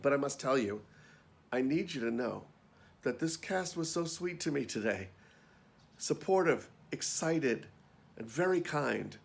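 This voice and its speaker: A man's voice: medium pitch, expressive, measured pace, vocal fry. A man reading his own backstage memoir aloud in a wry, conversational storytelling manner. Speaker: actor and storyteller.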